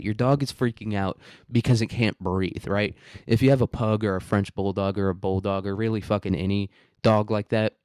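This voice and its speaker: Profane rambling man with a deep voice. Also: a little mellow, no room sound, clean studio sound. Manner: profane, rambling, laughs often. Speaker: podcast host. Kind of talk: casual ranting monologue. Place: home.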